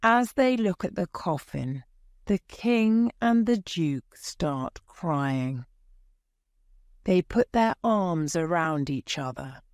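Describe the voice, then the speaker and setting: A woman reading a graded-reader story aloud in a clear, measured storytelling way. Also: fairly low pitch, animated, a little mellow, dry recording, studio quality. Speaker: audiobook narrator. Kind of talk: scripted narration of a graded reader.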